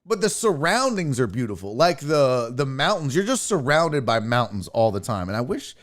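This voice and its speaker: A young podcast host with a medium-pitched voice at normal speed tells road-trip stories on his own show. His casual storytelling is profane and animated, and he acts out what people said.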